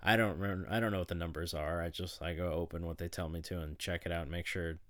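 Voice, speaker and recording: A man's voice: sits low, steady tone, fast talker, a bit bright, dry recording, studio quality. A man giving a casual, rambling personal update to the camera, swearing freely and chuckling as he goes. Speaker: vlogger.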